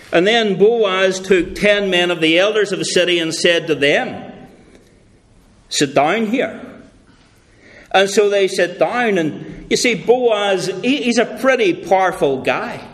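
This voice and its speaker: A man delivers a sermon in an unhurried, deliberate cadence. His voice sits a little high for a man. He leans on repetition and breaks into light, humorous asides. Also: lively intonation. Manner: slow, deliberate preaching with repeated phrases; drops into playful British voices for illustrations. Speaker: preacher.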